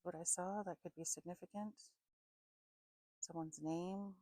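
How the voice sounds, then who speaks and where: A woman's voice: lowish voice, steady tone, a little slow, warm tone, no echo, low-quality recording. A woman giving an intuitive psychic reading, musing aloud, spelling out names letter by letter and correcting herself as she goes. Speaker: psychic reader.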